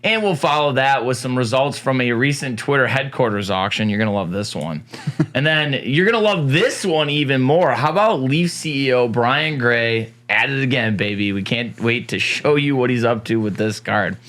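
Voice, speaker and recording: A man's voice: medium pitch, animated, normal speed, a bit bright. A man co-hosting a casual talk show, joking and teasing his partner in an upbeat way. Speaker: co-host. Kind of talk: casual morning show banter.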